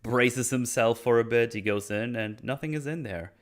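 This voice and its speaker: A man's voice: medium pitch, moderate pace. A man in casual podcast chat, retelling a plot with lots of fillers and restarts and acting out the lines. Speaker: podcast co-host.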